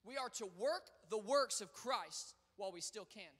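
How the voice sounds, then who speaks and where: A young man preaching a sermon as pastor, swinging between loud proclaiming and quiet storytelling. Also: high-pitched, animated, moderate pace, husky. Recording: long reverb of a large hall.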